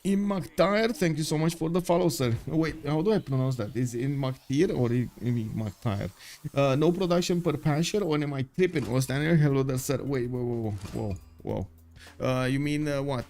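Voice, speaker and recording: A man giving live commentary on a strategy game as a stream host, talking with lots of filler words and getting excited while answering his viewers. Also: on the high side, a little fast, faint music behind.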